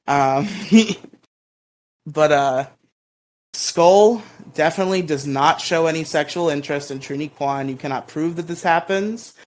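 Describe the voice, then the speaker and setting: A man's voice: on the high side, a little slow. A man co-hosting a podcast, recapping episodes in a rambling, casual way with lots of ums and bursts of playful mock outrage. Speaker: podcast co-host.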